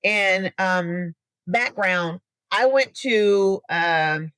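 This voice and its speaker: A woman's voice: medium pitch, very slow, no echo. A young woman hosting a solo podcast, chatting animatedly to her listeners and telling stories from her own life. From US Midwest. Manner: chatty, animated storytelling, addresses listeners as y'all. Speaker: podcast host.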